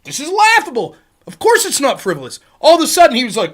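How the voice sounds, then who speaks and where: A man's voice: extremely high pitch, huge pitch swings, quick pace. A man hosting a livestream, ranting in a sarcastic, profane way. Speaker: streamer host.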